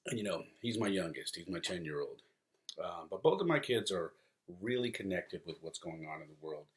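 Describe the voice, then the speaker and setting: A man's voice: low voice, animated, normal speed. A man in his forties from California, hosting a solo podcast and talking in a rambling, conversational way with many fillers and restarts. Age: 40s. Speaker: podcast host. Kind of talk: casual solo podcast monologue.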